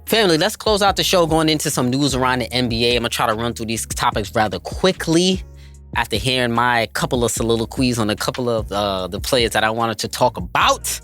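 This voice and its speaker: A man's voice: mid-range voice, expressive, brisk, fairly bright tone, faint music behind. A man hosting a basketball podcast, talking emphatically and hyping players up, calling his listeners family. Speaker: podcast host. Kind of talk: enthusiastic basketball commentary.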